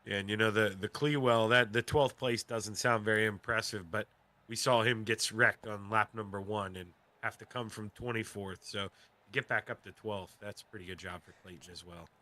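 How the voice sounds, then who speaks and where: Loud, bright-toned color commentator man. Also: fairly low pitch, steady tone, moderate pace. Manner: loud, emphatic, chatty. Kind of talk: race commentary and interviewing.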